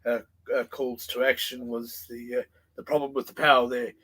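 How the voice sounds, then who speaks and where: A man's voice: medium pitch, flat delivery, normal speed, fairly bright tone, slightly rough. A man guest artist chatting on a livestream, hesitant with many "uh"s and polite, formal phrasing. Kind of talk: casual chat on a livestream.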